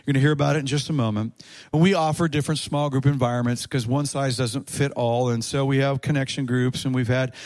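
A man's voice: medium pitch, fairly even intonation, fast talker, darkish tone. A man preaching a sermon to his church, leading the congregation in call-and-response and stressing points with repetition. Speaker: pastor.

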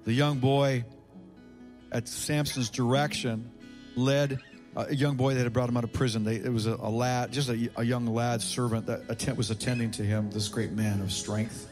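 A man's voice: medium pitch, fairly even intonation, moderate pace, music in the background. A man preaching a sermon as a pastor in a church, his volume rising and falling for emphasis. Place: church sanctuary.

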